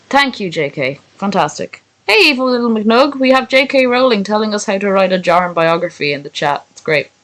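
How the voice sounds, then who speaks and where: A woman's voice: mid-range voice, a bit bright, poor audio. A young woman streaming, reading a story aloud and breaking off into sarcastic, swearing asides to her chat. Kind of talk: live-stream reading and commentary.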